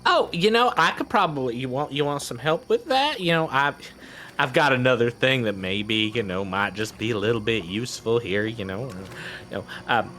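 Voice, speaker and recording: A man's voice: medium pitch, expressive, normal speed, pushed and bright, slight background noise. A man voicing a chatty, folksy male halfling with a Southern accent who rambles and fills his talk with fillers. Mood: folksy helpful.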